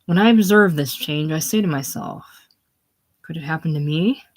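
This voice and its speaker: A woman's voice: low voice, normal speed. A woman reading the lines of a pompous older male hotel proprietor, with grand, declaiming delivery. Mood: grandiose.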